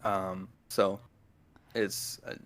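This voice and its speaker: A man's voice: low voice, flat delivery, very slow, a bit bright. A man in casual conversation, carefully and patiently explaining how he manages his speech. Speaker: guest. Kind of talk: casual chat.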